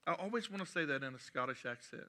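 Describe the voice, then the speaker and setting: A man preaching a sermon, animated and mixing in humorous asides. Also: mid-range voice, fast talker. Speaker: pastor.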